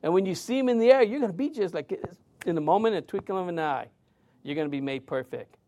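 A man's voice: high-pitched, expressive, quick pace, dark tone. A man preaching a sermon in a loose, conversational storytelling way, full of fillers and restarts. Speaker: pastor.

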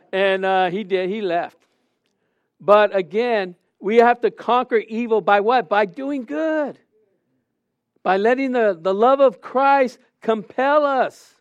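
A man's voice: high voice, unhurried, smooth, no echo, dull audio. A middle-aged man preaching a sermon, questioning the congregation and acting out stories.

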